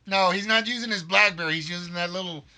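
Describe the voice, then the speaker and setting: A man hosting a live-streamed quiz game, reading questions slowly and repeatedly and teasing the players and chat playfully. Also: sits high, vocal fry, pushed and bright, a little hiss or hum. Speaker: game show host.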